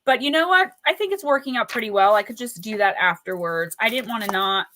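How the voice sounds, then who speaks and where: A woman's voice: fairly high pitch, lively intonation, a little fast, bright, forceful tone, slight background noise. A woman doing casual oracle card readings on a live stream, chatty and playful, greeting viewers by name. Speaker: livestream oracle card reader.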